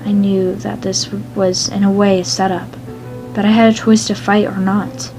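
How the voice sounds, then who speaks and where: A woman's voice: medium pitch, flat delivery, normal speed, over music, rough recording. Woman reading a story aloud. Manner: plain reading, with some stumbles. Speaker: fan fiction reader.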